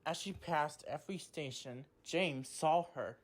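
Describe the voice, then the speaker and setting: A woman narrating a children's train story in a slow, simple storybook manner. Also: sits low.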